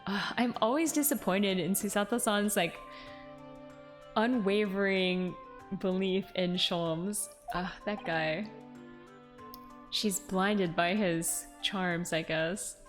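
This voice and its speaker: Woman streamer, casual and laughing, reads game lines, mid-pitched, game music under her voice. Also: takes it slowly. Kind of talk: live game playthrough with read-aloud dialogue.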